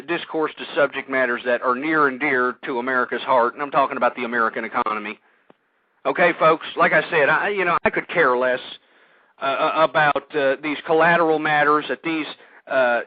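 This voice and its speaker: A man with a high voice rambles through a talk radio monologue, repeating himself and working up to heated outbursts. His voice comes through a thin, phone-like line. The sound is dry and close. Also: dry recording. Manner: rambling, repeats words, grows loud and heated. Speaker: radio host.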